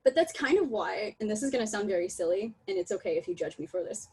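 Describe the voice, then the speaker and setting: A young woman giving a candid, emotional online talk over a video call, laughing often and apologizing in quick asides. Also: medium pitch, lively intonation, a little mellow, husky, poor audio. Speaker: talk presenter.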